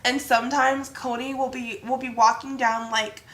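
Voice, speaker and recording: Bright, giggly young woman vlogging. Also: fairly high pitch, flat delivery, moderate pace, reverberant, slight background noise. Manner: giggly, teasing, chatty. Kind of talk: casual couples chat.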